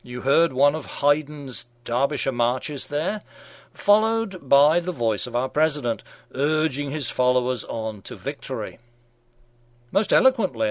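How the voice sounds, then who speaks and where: A man's voice: mid-range voice, no room sound. A middle-aged man hosting a radio show, reading scripted satirical commentary in a wry, mock-genial manner.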